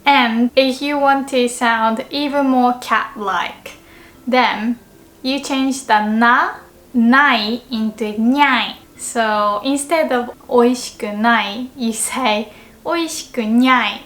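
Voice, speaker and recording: A woman's voice: fairly high pitch, steady tone, slow, a bit bright. A young woman teaching in a casual video lesson, playful and laughing often, mimicking cat and anime voices. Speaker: Japanese language teacher.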